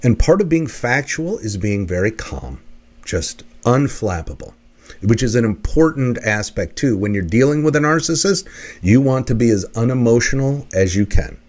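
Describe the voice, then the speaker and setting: An energetic male coach explains ideas step by step to camera. His voice sits mid-range but swings widely as he teaches, and he slips into quick character bits to make a point. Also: mid-range voice. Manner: animated teaching, acts out examples in put-on voices. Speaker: leadership and workplace coach. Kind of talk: lecture-style explanation to camera.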